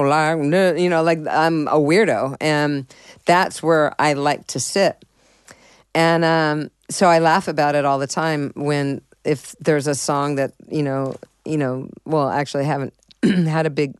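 A woman's voice: low-pitched, smooth, dry recording, clean studio sound. A middle-aged woman musician telling stories in an interview, rambling and profane, full of restarts and fillers. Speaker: musician guest. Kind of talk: candid interview storytelling.

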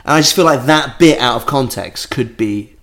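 A man's voice: mid-range voice, moderate pace, fairly bright tone. A man co-hosting a podcast, joking crudely and laughing often in casual chat. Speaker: podcast co-host.

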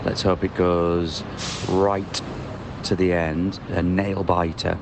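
A man co-hosting a podcast, giving wry, measured commentary in a voice note recorded outdoors in a city square. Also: deep voice, flat delivery, vocal fry. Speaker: podcast co-host. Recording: noisy outdoor phone recording. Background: street and traffic noise.

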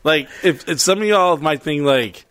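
A man's voice: a little high, moderate pace, fairly bright tone. Man hosting a podcast, reading out member names. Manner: loose, profane, reads out listener names. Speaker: podcast host. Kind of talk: casual podcast chat.

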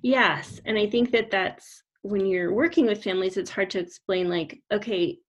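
A young adult woman, a speech therapist co-hosting a podcast, speaking in an agreeable, measured way and often affirming her partner. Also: medium pitch. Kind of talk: casual podcast chat.

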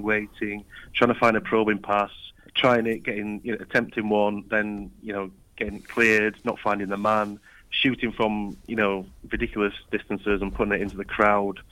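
A man's voice: fairly low pitch, fairly bright tone, rough recording. A male football reporter with a cold, talking through a match in a rambling way. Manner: rambling, many restarts and fillers. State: has a cold. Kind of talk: casual football chat.

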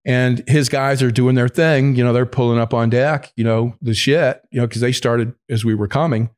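A man's voice: medium pitch, steady tone, moderate pace, darkish tone. A man telling a long story in casual conversation, rambling and swearing freely, laughing as he talks. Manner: rambling, profane, laughs mid-sentence. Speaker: podcast guest.

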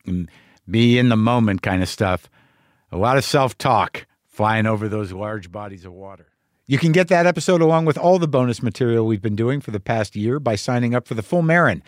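A male podcast host talks in a candid, rambling monologue at a middle pitch and swears casually. His voice is close to the mic, with a dry sound. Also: no room sound.

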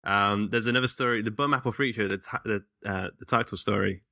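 A British podcast host who chats casually and laughs easily. His voice is a little low but very bright and forceful, recorded dry and close. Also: fairly even intonation, brisk, creaky, dry recording.

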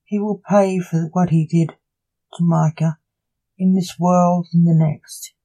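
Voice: mid-range voice, steady tone, slow, mellow, poor audio. A reader doing a stern old necromancer. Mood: grim.

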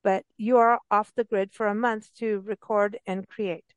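A woman hosting a radio interview, talking in an enthusiastic, rambling, chatty way with quick laughs. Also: mid-range voice, fairly even intonation, clear, resonant tone, dry recording. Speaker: radio show host. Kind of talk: casual interview chat. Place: travel and parks radio show.

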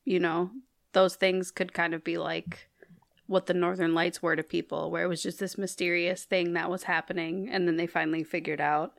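A woman co-hosting a casual podcast, her fairly low voice carrying a gravelly edge. She giggles often and reads out folklore facts between the chat. The sound is close and dry. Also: flat delivery, normal speed, dry recording. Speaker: podcast co-host.

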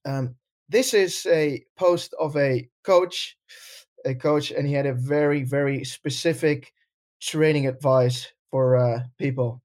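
A man's voice: mid-range voice, slow, a little mellow. A man co-hosting a podcast, chatting casually, laughing often and swearing now and then. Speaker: podcast co-host.

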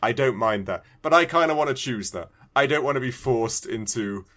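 A British man co-hosting a casual game podcast, animated and quick to laugh, often repeating words as he talks. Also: mid-range voice. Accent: British English. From Britain. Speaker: podcast co-host. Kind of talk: casual chat.

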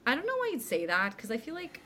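With a high-leaning, quick voice over slight background noise, a young woman co-hosts a podcast. Chatting casually, she retells an episode with animation, performing the characters' lines herself.

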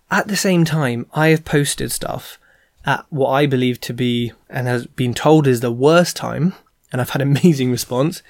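A man's voice: medium pitch, no echo, studio quality. A man hosting a show, giving casual advice in a chatty way with plenty of fillers and asides. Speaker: podcast host giving business advice.

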